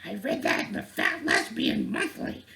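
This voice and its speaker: A man putting on the voice of an indignant young woman in a mocking falsetto, squealing with outrage. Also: wildly swooping pitch, normal speed, creaky, bright, forceful tone, heavily acted. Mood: shrill outrage. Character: shrill indignant young woman, easily offended.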